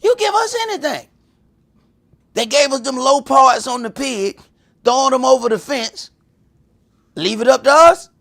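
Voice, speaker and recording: A man teaching a religious class in a lively preaching style, telling stories and acting out voices, swinging from loud to hushed. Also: very high voice, measured pace, creaky, long pauses. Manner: animated, storytelling, acts out voices, swings from loud to whispered.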